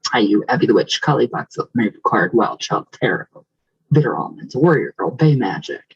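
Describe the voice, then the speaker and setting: A man hosts a chatty vlog, greeting his viewers one by one in a husky, mid-pitched voice. He rambles through fillers and restarts and sometimes rolls his R's. The recording sounds dull and lo-fi. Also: expressive, normal speed. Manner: rambling and affectionate, many fillers. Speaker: vlogger reading viewer comments. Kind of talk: casual chat.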